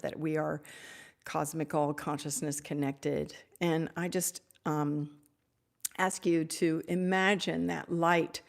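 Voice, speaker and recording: Gravelly-voiced woman leading a meditation. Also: low-pitched. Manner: soft, slow, repetitive, devotional. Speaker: spiritual teacher hosting a live Q&A. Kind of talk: guided meditation and blessing.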